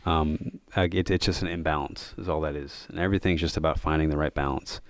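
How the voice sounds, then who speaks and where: A man's voice: extremely low pitch, fairly even intonation, fast, no room sound. A man, a yoga and meditation coach, talks thoughtfully as a podcast guest, often saying "like" and "um". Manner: thoughtful, many fillers of "like" and "um". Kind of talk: casual reflective storytelling.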